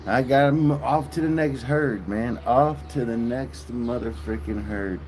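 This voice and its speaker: A man's voice: mid-range voice, measured pace, a little mellow. Guy livestreaming from a farm with cows around, crude jokey rambling, mid voice, faint outdoor hum. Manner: crude, joking, rambling storyteller. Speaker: livestream host. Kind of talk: casual live-stream chat.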